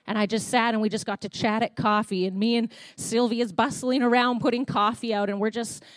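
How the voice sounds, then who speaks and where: A woman with a Canadian accent preaches a sermon in a chatty, storytelling way, acting out conversations as she goes. Her voice sits a little high. The sound is dry and close, with almost no room echo. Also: fairly even intonation, a little fast. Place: church.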